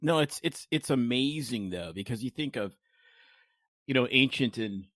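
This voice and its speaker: A man's voice: medium pitch, lively intonation, moderate pace, fairly bright tone, dry recording, studio quality. A man hosting a podcast, chiming in with short remarks during an interview. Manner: brief listening interjections. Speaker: podcast host. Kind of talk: interview conversation.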